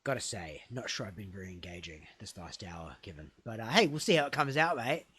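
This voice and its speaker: A man's voice: lowish voice, expressive, brisk, slightly rough, dry recording. Rambling self-deprecating man on a dry mic. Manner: self-deprecating, rambling with restarts, trailing off quietly. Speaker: podcast co-host. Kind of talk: casual comedy podcast chat.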